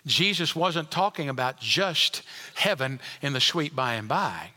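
A man preaching a sermon in a church, swinging from loud emphatic lines down to hushed, almost whispered endings. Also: on the high side, expressive, unhurried. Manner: dynamic preaching, rising loud then dropping to near whisper. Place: church sanctuary. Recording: long hall reverb.

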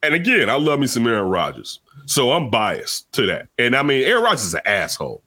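Animated, lively-voiced male sports talker. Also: brisk, breathy edge. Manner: animated, swings between loud outbursts and low asides; rambling, restarts often. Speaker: sports talk host. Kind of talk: casual sports debate.

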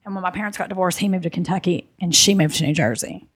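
A woman's voice: lowish voice, quick pace, fairly bright tone, breathy edge, no room sound, clean studio sound. A middle-aged woman comedian with a Southern accent, telling stories in a casual, self-deprecating podcast chat. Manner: chatty, storytelling, self-deprecating.

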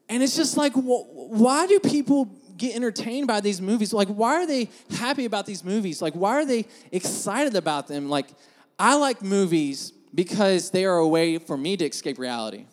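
A man's voice: sits high, animated, normal speed. A man preaching a sermon in a casual, joking storytelling way, speaking in a church sanctuary. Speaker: pastor. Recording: long hall reverb in a church.

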